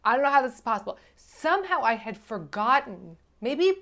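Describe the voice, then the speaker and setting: A woman's voice: fairly high pitch, very animated, brisk, a bit bright, echoey room. A woman co-hosting a movie podcast, giggly and sarcastic in casual chat.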